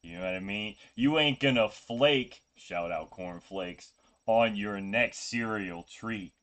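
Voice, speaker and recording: A man streaming a video game, chatting casually in a rambling, joking, low-key way. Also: slow, a bit bright. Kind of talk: casual gameplay stream chat.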